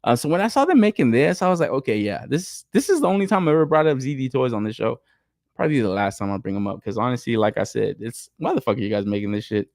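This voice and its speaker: A man's voice: medium pitch, animated, quick pace, creaky, a little mellow, dry recording, clean studio sound. A young man hosting a toy podcast in casual, loose chat, swearing freely and laughing often. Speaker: podcast host. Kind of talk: casual toy-news commentary.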